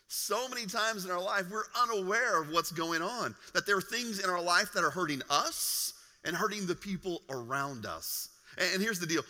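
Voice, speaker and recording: Bright-voiced pastor preaching in a hall. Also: male voice, on the high side. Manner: animated storytelling with humor. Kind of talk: sermon. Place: large church hall.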